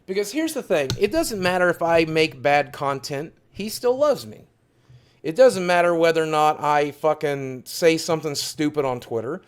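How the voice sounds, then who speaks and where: A man's voice: on the high side, lively intonation, normal speed, clear, resonant tone. A man hosting a livestream from his studio, talking in an earnest, heartfelt, confessional way with emphatic repetition. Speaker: livestream host.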